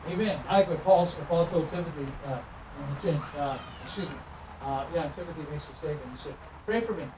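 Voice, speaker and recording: In a church sanctuary, a middle-aged itinerant minister with a fairly high voice moves at a quick pace through sermon stories, dramatizing the dialogue with lively energy. The sound is muffled by noise and feels distant and roomy.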